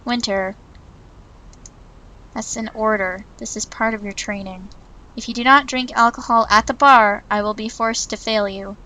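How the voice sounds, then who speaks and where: A woman voicing a stern young male mentor in a visual novel, reading his lines in a measured, slightly lowered voice. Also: steady tone, sharp tone, natural voice. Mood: firm.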